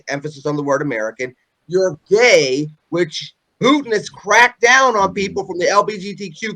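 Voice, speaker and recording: A man hosting a political panel discussion, pressing guests with pointed, rapid-fire questions. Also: high-pitched, pushed and bright, poor audio. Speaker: host.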